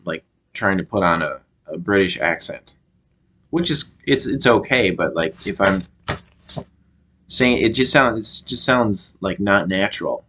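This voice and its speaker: A low-voiced American man talks through a show review in a relaxed, unscripted way. He often stalls, repeats himself and hunts for the right word before going on. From United States. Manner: halting, often stops to search for words. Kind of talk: casual review monologue.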